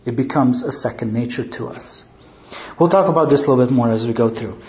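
A man preaching a measured, explanatory verse-by-verse sermon, often posing rhetorical questions. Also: medium pitch, reverberant, lo-fi sound.

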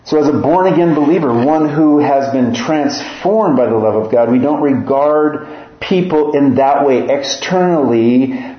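A man's voice: fairly high pitch, echoey room, muffled recording. A man from northern Minnesota with a slight Upper Midwest American accent, preaching a sermon as pastor and reading scripture aloud with earnest emphasis.

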